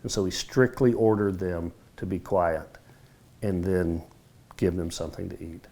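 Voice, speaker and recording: A middle-aged man teaching a Bible study, telling the story vividly and acting out the dialogue, his voice swinging between loud and hushed. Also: sits low, fairly even intonation, measured pace. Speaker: men's ministry Bible teacher.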